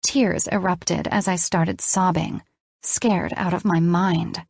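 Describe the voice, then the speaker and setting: A woman narrating a first-person audiobook in a measured, expressive storytelling voice. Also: fairly low pitch, gravelly, husky, no echo.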